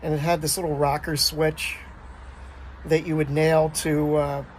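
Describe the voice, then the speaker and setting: A man's voice: a little high, level tone, a little slow, slight background noise. A man recording a birthday greeting to his father, fondly recalling childhood with many uhs. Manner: fond reminiscing, hesitant with uhs. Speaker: son.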